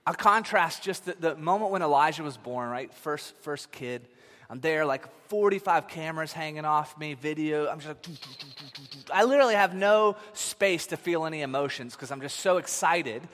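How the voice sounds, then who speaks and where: A man in his thirties preaching a sermon, telling stories in an animated way that swings from loud to hushed. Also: a little high, normal speed. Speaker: pastor. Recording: long reverb of a large hall.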